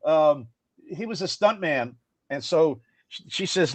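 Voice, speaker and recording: Older guy rambling through old stories, kinda high voice, dry close sound. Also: a little slow, no echo. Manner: rambling, animated storyteller. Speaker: guest musician. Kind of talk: casual anecdotal interview.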